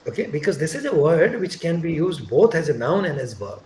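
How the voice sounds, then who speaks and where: Lively-voiced male teacher in echoey room. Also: a little high, a little fast, a little hiss or hum. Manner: explains step by step, often checks "get it?". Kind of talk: live online class explanation.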